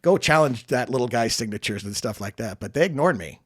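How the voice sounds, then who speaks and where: A man's voice: medium pitch, expressive, fairly quick, dry recording, studio quality. A man being interviewed on a podcast, telling a story in a chatty, casual way, acting out the dialogue and often tagging sentences with "right?". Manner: chatty, acts out quoted dialogue, frequent "right?" tags. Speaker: podcast guest, political candidate.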